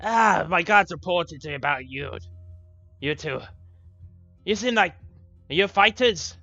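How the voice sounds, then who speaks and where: Man doing a captain, loud, gruff, bright tone, lo-fi audio, faint music. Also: expressive, a little slow, no echo, heavily acted. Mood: gruff, blustery. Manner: booming, blustery. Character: loud gruff male dwarf guard captain.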